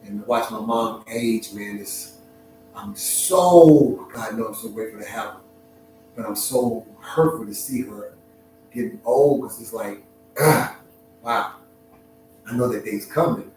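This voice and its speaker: A middle-aged man with a fairly low voice and fairly even intonation shares an emotional, reflective personal story, halting and restarting as he looks for words. He sounds far from the mic in a very echoey room, with clear music in the background.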